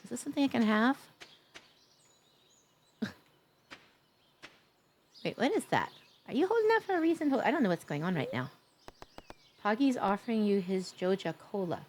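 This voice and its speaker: A woman's voice: medium pitch, big pitch swings, moderate pace, pauses often, slight background noise. A woman from New York chatting casually and teasingly with her viewers while live-streaming a game, laughing often.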